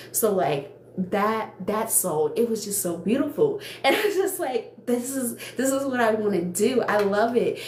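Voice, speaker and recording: A woman's voice: medium pitch, a little mellow. A young woman who runs a small cosmetics business, hosting a casual live stream and chatting earnestly. She laughs often, repeats herself, and sounds close to tears. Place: indoor room, makeup workspace. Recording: echoey room with faint background noise.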